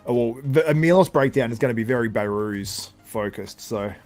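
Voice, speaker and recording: A man's voice: mid-range voice, darkish tone, soft background music, lightly acted. A tired, sore-voiced man doing a strained foreign-accented impression of a bodybuilding coach, stumbling over "I mean" and "uh" fillers. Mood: smug. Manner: halting, stacks "I mean" and "uh" fillers. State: voice getting sore. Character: heavy-accented older male bodybuilding coach.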